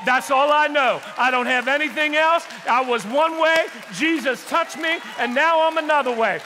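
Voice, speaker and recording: A man's voice: extremely high pitch, normal speed, sharp tone, long reverb tail, a faint crowd, slight background noise. A man voicing Bartimaeus, a healed blind man, giving simple, firm testimony.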